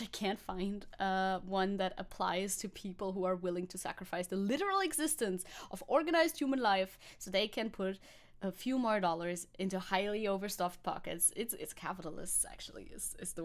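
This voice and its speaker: A young woman streaming as a VTuber, chatting casually, reacting to chat, swearing and laughing often. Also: mid-range voice.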